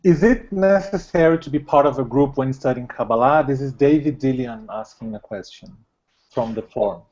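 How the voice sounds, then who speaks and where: A man's voice: mid-range voice, moderate pace. Man hosting a q&a call, lots of ums, dull muffled audio. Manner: hesitant, many ums, soft-spoken. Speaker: host. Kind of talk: hosting a live Q&A. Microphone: video call.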